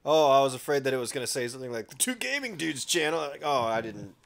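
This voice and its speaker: A man co-hosting a casual podcast in a studio, chatty and quick to laugh while he retells anecdotes. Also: medium pitch, expressive, gravelly, fairly bright tone. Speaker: podcast co-host. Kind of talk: casual chat. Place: studio, sitting on couches.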